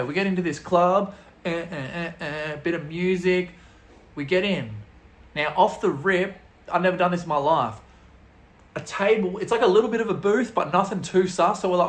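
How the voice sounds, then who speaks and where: A young Australian man telling a story in a casual, comedic way that is animated, crude and full of laughter. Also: sits high, normal speed. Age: young adult. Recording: roomy echo.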